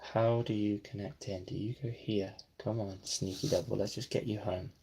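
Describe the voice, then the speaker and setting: A man's voice: on the low side, fairly even intonation, moderate pace, mellow, a little hiss or hum. A man giving casual running commentary as he builds, talking to himself and at times dropping to a near whisper. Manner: self-deprecating, talks to himself while building; drops to a near whisper while concentrating. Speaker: brick-building vlogger.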